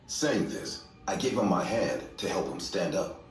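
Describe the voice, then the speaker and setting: A man narrating a scripted horror story in a steady, measured way. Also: low voice. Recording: echoey distant room, faint music.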